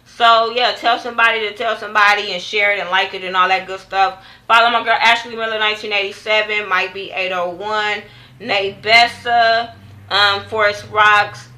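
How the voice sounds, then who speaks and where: A young woman casually recapping a TV episode in a vlog, animated and profane, acting out what others said. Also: mid-range voice, moderate pace, rough recording. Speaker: TV show reviewer.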